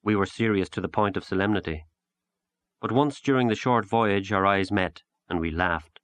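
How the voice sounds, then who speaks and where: Low-voiced man reading a story. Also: moderate pace, a bit bright, no room sound. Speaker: audiobook narrator. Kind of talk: scripted literary narration.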